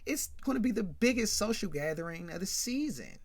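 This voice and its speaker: A man voicing a flashy, smooth-talking loan shark in a boastful, amused drawl while retelling a sitcom episode. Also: high-pitched, very animated, brisk, heavily acted. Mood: smug.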